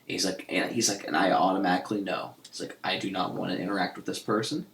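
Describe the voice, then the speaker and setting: A man's voice: deep voice, steady tone, fast talker, creaky, a bit bright, slight background noise. A man co-hosting a casual podcast chat, rambling with lots of "you know" and "he's like". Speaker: podcast co-host. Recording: echoey room.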